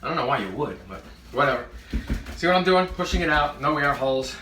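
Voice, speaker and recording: A man's voice: fairly high pitch, lively intonation, quick pace, pushed and bright, reverberant, recorded from a distance, a little hiss or hum. A man hosting a comedic cooking demonstration in his kitchen, full of joking asides. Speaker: cooking show host. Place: home kitchen.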